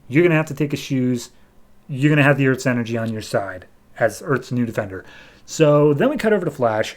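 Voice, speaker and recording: A man with an everyday middle-pitched voice hosts a comic book podcast. He retells an issue in relaxed, chatty fashion, slipping into quick offhand voices for the characters as he goes. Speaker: podcast host. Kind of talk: casual comic book recap.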